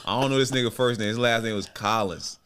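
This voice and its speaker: A man telling his basketball career story in a relaxed, slangy way, acting out what others said. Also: mid-range voice, fast talker, noisy background. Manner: laid-back, slangy, acts out quoted dialogue. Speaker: podcast guest, former basketball player. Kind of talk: casual storytelling interview.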